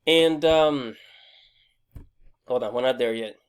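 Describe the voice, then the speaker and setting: A young man hosting a casual game review vlog, excitable and rambling, swearing freely and restarting his sentences often. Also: medium pitch, slow, smooth. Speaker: gaming video host.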